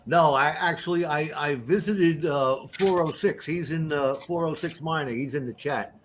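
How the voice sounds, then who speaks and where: A man from New York chatting casually on a livestream, friendly and halting. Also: on the high side, slight background noise. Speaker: livestream guest. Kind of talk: casual live chat.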